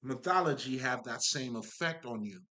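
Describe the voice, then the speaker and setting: A man's voice: medium pitch, lively intonation, moderate pace, pushed and bright. A man giving a casual spiritual monologue, emphatic and profane, rambling with many fillers and asides to his listeners. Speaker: spiritual talker.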